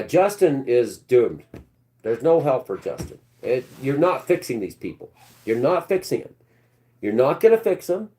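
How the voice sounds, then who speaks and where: A man hosting a live stream, preaching and ranting, swinging between loud outbursts and low mutters.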